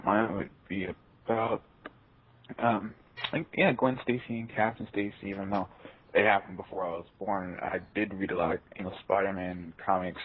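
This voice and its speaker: A man's voice: low voice, fairly even intonation, moderate pace, phone-quality sound, slight background noise. A man joining a casual chat over an online call, wry and offhand. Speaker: panelist.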